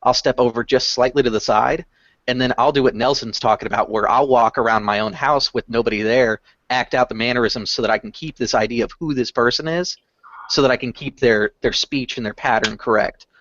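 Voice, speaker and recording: Fast-talking man on a headset. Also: medium pitch, fairly bright tone, no room sound. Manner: fast-talking, self-deprecating. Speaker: game master panelist. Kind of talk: casual hangout chat. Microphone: wireless headset. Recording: dull lo-fi video call audio.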